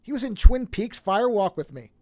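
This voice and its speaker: A man's voice: sits high, very animated, moderate pace, a little mellow, dry recording. A man co-hosting a casual film discussion, wry and enthusiastic as he talks.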